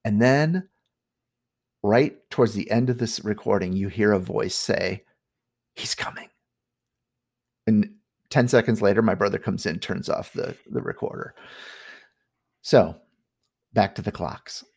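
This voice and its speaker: A middle-aged man casually telling a spooky family story on a podcast, animated and full of fillers. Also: on the low side, unhurried, gravelly, long pauses. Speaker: guest storyteller.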